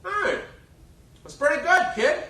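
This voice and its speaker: A man doing a loud, blunt, breezy older woman who is a Broadway star, performed live on a theater stage. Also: extremely high pitch, sing-song, takes it slowly, voice pushed up, exaggerated voice. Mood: brassy, hearty. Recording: echoey theater from far off.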